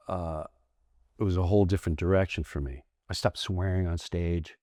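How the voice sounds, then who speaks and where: Brief: middle-aged male comedian, low-pitched, dry close sound, lively storytelling that acts out other voices. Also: moderate pace, dry recording. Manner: animated, acts out quoted voices, restarts often. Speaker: comedian guest. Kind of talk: candid storytelling interview.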